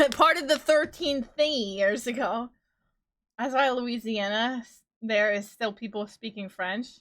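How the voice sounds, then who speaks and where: A woman's voice: fairly high pitch, a little slow, fairly bright tone. A woman in her thirties with a New York accent, chatting casually with her live-stream viewers, rambling and laughing often as she riffs on tangents. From New York, USA.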